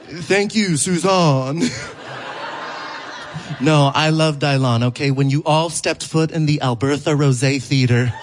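A man performing a live stand-up set in a theater, playful and animated, jumping into high mock voices. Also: a little slow, pauses often, background noise. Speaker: stand-up comedian. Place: theater stage before a live audience. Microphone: stage microphone.

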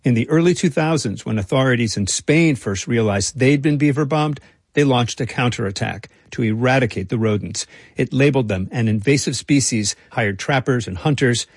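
A male radio reporter narrating a scripted feature in a measured, dry way. His voice is husky and close, recorded in a dead-quiet booth with no room sound. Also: medium pitch, dry recording.

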